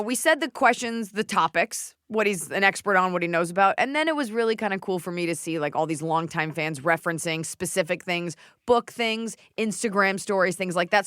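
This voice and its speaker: A woman in her thirties hosting a podcast, chatting casually in a quick, joking and animated way. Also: fairly high pitch, no echo, studio quality. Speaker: podcast host. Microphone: studio mic without headphones.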